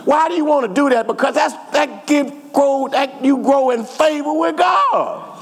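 An extremely high-pitched male voice with vocal fry delivers a sermon a little slowly. The pastor uses call-and-response preaching, repeating phrases and calling out to his congregation in a sanctuary with long reverb.

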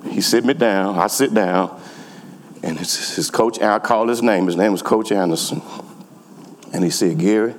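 A middle-aged man, preaching a sermon and telling a story with emphatic repetition. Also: lowish voice. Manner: animated, repeats words, emphatic. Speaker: pastor. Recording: echoey hall.

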